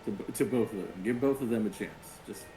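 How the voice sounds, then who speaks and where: A man's voice: fairly low pitch, normal speed, dark tone, faint music behind. A man co-hosting a podcast in casual chat, swearing freely and rambling. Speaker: podcast co-host.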